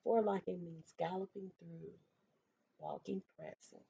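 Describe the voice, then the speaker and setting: A woman's voice: lowish voice, a little slow, gravelly, mellow, slightly rough, no echo. A woman reading a picture book aloud to children, stopping to explain words and ask questions. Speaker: storytime reader for children. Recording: dull lo-fi dry recording.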